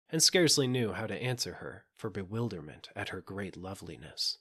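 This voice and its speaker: A man narrating a fairy tale audiobook in a calm, measured reading. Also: on the low side, husky. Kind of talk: storybook narration.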